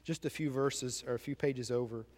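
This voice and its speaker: A man's voice: mid-range voice, steady tone, normal speed, a little mellow, a little hiss or hum. Man preaching in a reverberant hall. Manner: preaching, repeats key words and asks the congregation questions. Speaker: pastor. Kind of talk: sermon. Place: church sanctuary.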